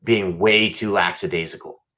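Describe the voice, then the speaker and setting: A man's voice: sits low, steady tone, normal speed, bright, forceful tone. A man giving blunt, teasing trash-talk commentary on match videos as co-host. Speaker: judo co-host.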